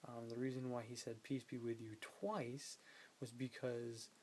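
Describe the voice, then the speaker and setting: A man's voice: mid-range voice, level tone, a little slow, darkish tone, a little hiss or hum, rough recording. A man talking casually to his phone camera at home, rambling through his day with fillers and quoted bits of conversation. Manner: rambling storytelling with fillers, quoting others. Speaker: vlogger. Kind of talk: casual vlog chat.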